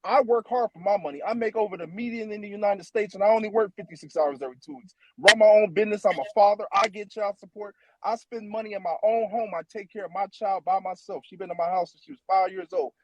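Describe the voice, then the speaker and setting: Fast-talking husky man, blunt. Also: high voice, expressive, a bit bright, low-quality recording. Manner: blunt, rapid, full of "you know" fillers. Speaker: livestream panelist, father. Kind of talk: livestream panel debate.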